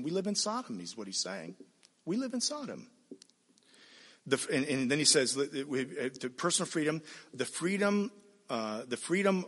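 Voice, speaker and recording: A man's voice: on the high side, sing-song, normal speed, a bit bright, husky, big-room sound. A man preaching a sermon, emphatic and repeating his points, often asking his listeners "you see?". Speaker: pastor.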